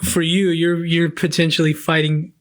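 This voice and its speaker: A man with a fairly high voice hosts a podcast in loose, casual chat. He asks blunt, crude questions and laughs readily at his guest's stories. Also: level tone, moderate pace, a bit bright. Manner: crude, laughs easily, short reactions. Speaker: podcast host.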